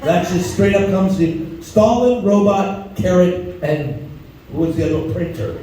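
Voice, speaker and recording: A male stand-up comedian tells crude stories on stage, acting out the voices of the characters. His voice is high-pitched, expressive, and mellow, with a measured pace, and he sounds distant in an echoey club.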